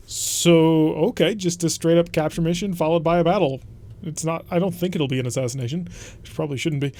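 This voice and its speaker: A man's voice: on the high side, a little fast, a little mellow. A man hosting a let's play, talking through his strategy in a chatty, rambling way with frequent self-corrections. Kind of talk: casual game commentary.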